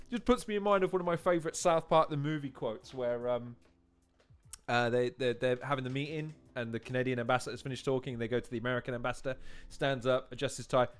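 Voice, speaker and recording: A man's voice: medium pitch, fairly quick, clear, resonant tone. A man hosting a watch-along, commenting casually on a video with frequent laughter and rambling asides. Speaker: host.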